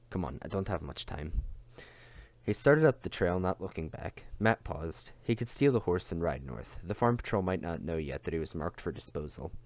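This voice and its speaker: A man reading a novel aloud in a steady, unhurried way, on a dull lo-fi recording. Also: low-pitched, dry recording. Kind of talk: audiobook reading.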